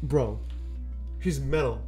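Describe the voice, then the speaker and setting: A man giving casual let's-play commentary, excitable and profane, rambling with frequent restarts. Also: medium pitch, slow, faint music behind. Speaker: gameplay commentator.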